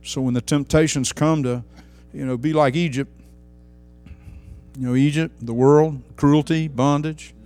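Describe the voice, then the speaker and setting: A man preaching a sermon with passion, swinging between loud, fervent outbursts and quiet, hushed asides. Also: a little high, fairly even intonation, measured pace, faint music behind.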